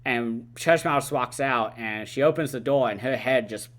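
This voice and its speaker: A man's voice: mid-range voice, a little slow. A man giving a casual, rambling spoiler recap of a film, full of "like" and "uh" as he retells scenes. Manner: rambling, animated retelling with many "like" and "uh" fillers. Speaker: movie reviewer.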